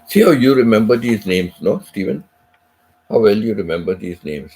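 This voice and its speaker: A man's voice: fairly low pitch, lively intonation, normal speed, mellow. A middle-aged man hosting a live stream in casual chat, rambling and repeating himself with many asides while recovering from feeling sick. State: unwell, recovering from sickness.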